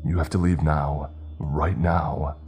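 A man's voice: extremely low pitch, flat delivery, slow, darkish tone, soft background music. A man voicing a panicked male ranger who urgently orders his partner to flee. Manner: urgent, commanding.

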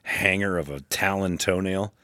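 A man co-hosting a radio show, trading deadpan jokes in casual banter. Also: deep voice, normal speed, no echo, studio quality.

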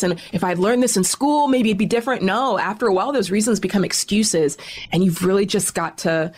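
A woman guest telling a personal story in an interview, emphatic and animated. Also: lowish voice.

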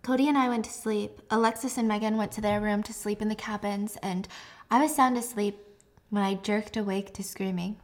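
A woman's voice: medium pitch, steady tone, natural voice. A woman voicing a tearful young patient. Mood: distraught. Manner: halting, emotional retelling. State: crying.

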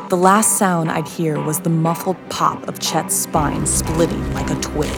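A woman narrating a scripted horror story in a hushed, slow, suspenseful way. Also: low-pitched, gravelly. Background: music.

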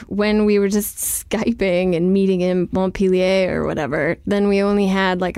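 Chatty woman with a gravelly voice. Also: medium pitch, darkish tone, no echo, clean studio sound. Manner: chatty, frank, fills speech with "like". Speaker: author being interviewed. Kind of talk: candid conversational interview.

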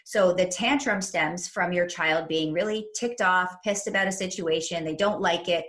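A woman parenting coach, a younger adult, giving advice in a chat and explaining things clearly step by step. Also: lowish voice, moderate pace, a bit bright.

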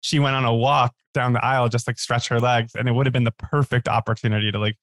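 A man's voice: mid-range voice, flat delivery, fast, fairly bright tone, dry recording. Chatty man telling food stories, dry close sound. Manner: chatty storyteller, many likes and restarts. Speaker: podcast guest. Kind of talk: casual chat.

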